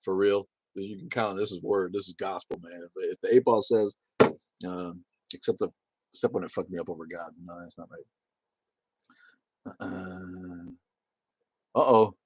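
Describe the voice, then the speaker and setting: A man's voice: low voice, steady tone, fairly quick, a little mellow, slight background noise. A man hosting a livestream, rambling and swearing as he reads chat comments and laughs along. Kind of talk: casual profane livestream chat.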